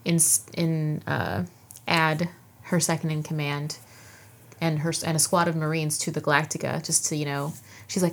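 A woman's voice: low-pitched, fairly even intonation, normal speed, creaky. A woman co-hosting a casual TV recap chat, laughing often and acting out characters' lines. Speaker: podcast co-host.

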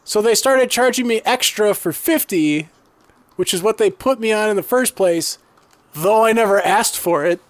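Guy venting on a podcast, high-pitched, cursing a lot, dry close sound. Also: lively intonation, normal speed, no room sound. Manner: heated ranting with frequent swearing. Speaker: podcast co-host. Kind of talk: casual podcast chat.

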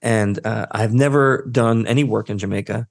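A man telling a story as a guest in a career interview, acting out the dialogue and jumping up in pitch when he quotes people. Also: normal speed, vocal fry. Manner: animated, acts out quoted dialogue with his voice jumping up. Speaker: guest, social engineer.

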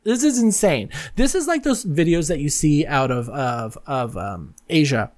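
A podcast host giving a solo rundown of news stories in a gossipy, excitable, profane way, full of quick asides. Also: medium pitch.

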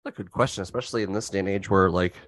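A man's voice: sits low, fairly even intonation, racing, fairly bright tone, dry recording. A man co-hosting a podcast in casual chat, bantering with crude, profane jokes. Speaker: podcast co-host.

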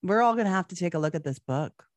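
A woman's voice: on the low side, animated, fast talker, no room sound. Encouraging woman interviewer, dry sound. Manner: encouraging, brief reactions. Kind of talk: casual interview chat.

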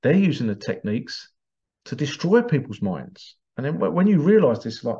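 A man's voice: mid-range voice, sing-song, normal speed, mellow. A man, talking in a rambling, emphatic monologue and repeating his points. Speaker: hypnotherapist giving his views. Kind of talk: casual monologue. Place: small stuffy room. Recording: slightly dull lo-fi sound.

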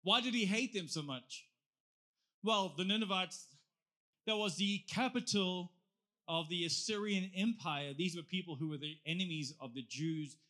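A man preaching a sermon in a lively, conversational way, often asking his listeners questions. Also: high-pitched, moderate pace.

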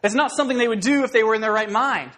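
A man preaching an expository sermon in a conversational, animated way, rising into emphatic bursts. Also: sits high, rapid-fire. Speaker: pastor.

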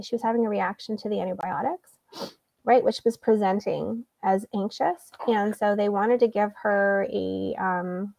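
A woman's voice: medium pitch, gravelly, darkish tone, no echo, distant mic, low-quality recording. A woman as an interview guest, a mother telling her own story and acting out what other people said. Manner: retells events by acting out quoted dialogue. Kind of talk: conversational storytelling.

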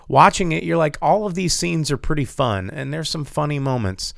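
With a fairly high, sing-song voice and vocal fry, a man co-hosting a podcast rambles at a moderate pace about a movie he saw. His casual review is a bit profane and packed with fillers and restarts, recorded at studio quality with no echo.

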